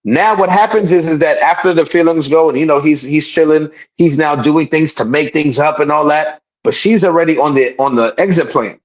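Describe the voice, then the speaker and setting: In a rough recording, a podcast co-host with a slightly high voice chats casually at normal speed. He speaks emphatically, repeats himself and restarts sentences, voicing the people he quotes loudly.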